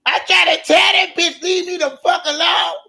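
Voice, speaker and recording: Guy doing a screechy mad lady yelling and cussing, high and sharp. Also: fairly even intonation, normal speed, creaky, heavily acted. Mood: furious. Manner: shouting, cursing, shrieking. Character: furious ranting middle-aged woman, shrill and frantic.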